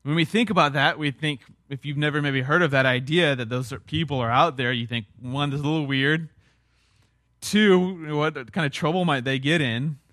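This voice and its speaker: A man's voice: on the high side, moderate pace, fairly bright tone, no echo, studio quality. A man preaching a sermon as a pastor, earnest and emphatic, with repeated phrases and rhetorical questions.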